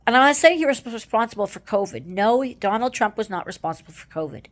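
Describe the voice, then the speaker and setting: A woman's voice: mid-range voice, lively intonation, fast. A woman from Canada giving casual political commentary, exasperated and rambling, with many fillers and tag questions.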